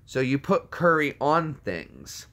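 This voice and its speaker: Playful man with a lively, bouncing voice. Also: medium pitch, takes it slowly. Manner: jokey, riffs on movie quotes and puts on silly voices. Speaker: streamer reacting to viewer comments. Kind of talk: casual chat.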